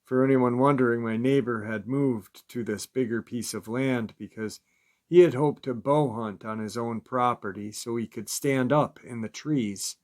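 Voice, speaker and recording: A man with a middle-pitched voice reads creature encounter stories aloud. His scripted narration stays steady and measured from line to line.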